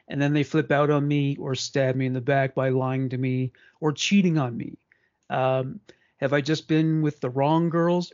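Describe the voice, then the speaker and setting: A man's voice: on the high side, a little mellow. Pria 40-an, ngobrol santai dan blak-blakan, rekaman agak redup. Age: 40s. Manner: frank, rambling, crude. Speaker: podcast co-host. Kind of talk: casual chat. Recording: dull lo-fi sound.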